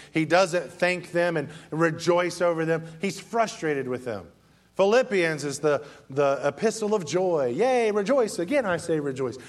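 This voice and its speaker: A man preaching a sermon as a guest preacher, animated, and acting out quoted voices in a mocking tone. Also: on the high side.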